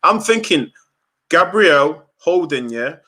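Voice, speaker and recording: A young man hosts a football reaction chat and rants in anger, swearing often. His voice sits high and swings widely in pitch. The tone is bright and forceful. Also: takes it slowly. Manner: angry, ranting, swearing, animated. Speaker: fan channel host.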